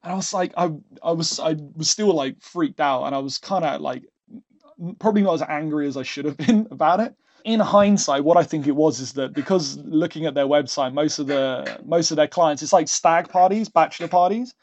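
A man guest on a podcast telling a story in a casual way, animated, often laughing and restarting his sentences. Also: a little high, fairly quick. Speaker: podcast guest, travel agent. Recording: dull lo-fi sound.

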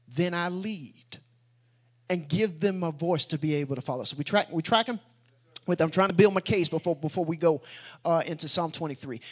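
A man preaching a sermon, moving from quiet reflection to loud, emphatic declarations. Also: fairly high pitch, breathy edge.

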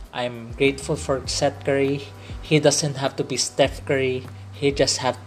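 An earnest man from the Philippines speaks English with a Filipino accent, hosting a faith-based podcast. His pitch sits in an ordinary middle range, and he keeps repeating phrases to drive each point home. Faint music plays underneath. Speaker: podcast host.

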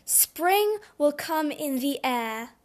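Woman voicing a gentle mother rabbit. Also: high-pitched, animated. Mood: soothing. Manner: soothing, slow.

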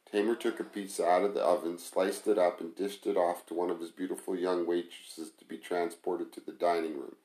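A man calmly reading a first-person story aloud as narrator, in an echoey room. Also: sits low, brisk, hardly any pauses. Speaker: audiobook narrator.

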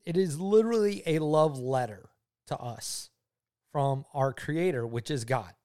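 A man speaking to his daughter, telling his faith testimony in an earnest, heartfelt way, often repeating himself and going quiet when moved. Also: a little high, unhurried. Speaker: father talking with his daughter.

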